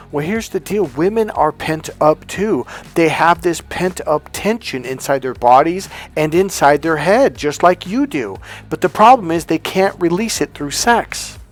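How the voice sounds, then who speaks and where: A man giving a blunt, profane, emphatic coaching talk as a love coach. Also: on the high side. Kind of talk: coaching monologue.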